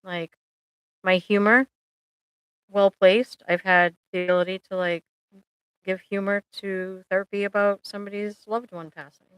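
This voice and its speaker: A woman's voice: on the low side, a bit bright, smooth, no echo, rough recording. A woman therapist hosting a casual live Q&A, chatty and jokey, full of analogies and playful asides. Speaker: therapist and livestream host.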